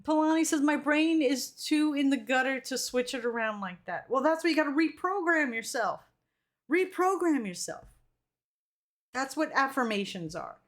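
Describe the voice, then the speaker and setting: At a normal pace and with a high voice, a woman streams live, casually reading out comments from viewers and talking with energy, sometimes swearing.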